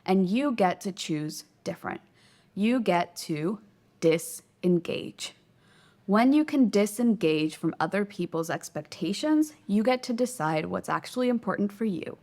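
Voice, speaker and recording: A woman hosting a self-help video, talking straight to camera in an emphatic way, slowing down to stress key words and acting out little quoted exchanges. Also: mid-range voice, lively intonation, darkish tone. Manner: acts out quoted speech in little skits. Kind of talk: motivational talk to camera.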